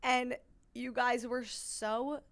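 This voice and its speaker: A young woman hosts a casual podcast with a slightly high voice, effusive and quick to laugh. She talks with easy enthusiasm throughout. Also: level tone. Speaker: podcast host. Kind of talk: casual chat.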